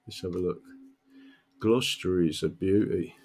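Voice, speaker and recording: A man's voice: mid-range voice, animated, measured pace. Male host, South London accent, chatty storyteller, mid-range voice. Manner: rambling, anecdotal, frequent "right?" asides and laughs. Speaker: political livestream host. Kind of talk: casual chat, storytelling.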